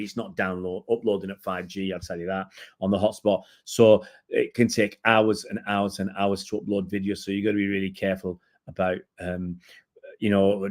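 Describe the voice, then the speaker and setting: A man's voice: on the low side, a little mellow. A middle-aged man hosting a fan channel's casual live-stream match review, chatting in a rambling way and answering viewer comments as he reads them out. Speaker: football fan channel host.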